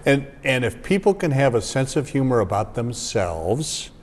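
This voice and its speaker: A man's voice: medium pitch, sing-song, moderate pace, in a large hall. A man hosting a talk show, agreeing readily and laughing along with his guest. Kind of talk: casual interview chat.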